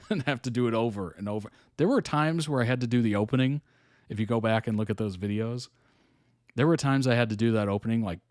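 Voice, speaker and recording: A man's voice: fairly low pitch, a little mellow, no echo, clean studio sound. A man chatting casually, wry and self-deprecating. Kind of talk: casual chat.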